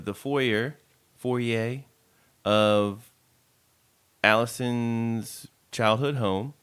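A man's voice: lowish voice, fairly bright tone, clear, resonant tone. A man co-hosting a podcast, chatting casually with joking asides and lots of filler words. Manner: laid-back, joking asides, filler 'like'. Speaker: podcast co-host. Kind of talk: casual recap chat.

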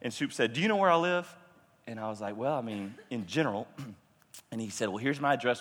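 A man preaches in a relaxed, conversational way, mixing humor into a personal story and voicing the people in it. His voice sits at an ordinary middle pitch. It rings with the long reverb of a large hall. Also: fast. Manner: conversational, self-deprecating, with fillers and quoted dialogue. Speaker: pastor. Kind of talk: sermon storytelling.

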